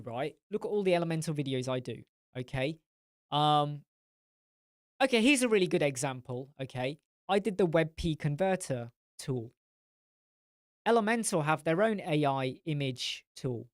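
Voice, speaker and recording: A man's voice: a little high, big pitch swings, normal speed, dry recording, clean studio sound. Blunt man on a live chat. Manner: blunt, rambling, swears. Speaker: host. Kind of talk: casual live-stream chat.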